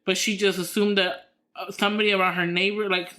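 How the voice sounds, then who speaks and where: A woman's voice: medium pitch, level tone, a little fast, sharp tone. A woman co-hosting a podcast in casual chat, rambling through her story with lots of fillers and restarts. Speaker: podcast co-host.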